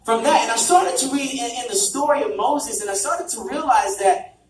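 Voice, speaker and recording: A man preaching in an energetic storytelling way to a young crowd, restarting phrases and shouting for emphasis. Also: very high voice, moderate pace. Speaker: church youth preacher. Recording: echoey hall, distant mic, background noise.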